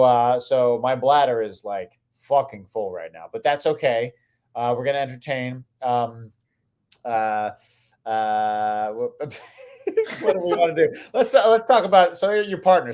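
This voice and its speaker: A man's voice: medium pitch, moderate pace, a little mellow. A man hosting a casual livestream chat, loose and joking, swearing freely. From transplant living in Louisiana. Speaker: livestream host.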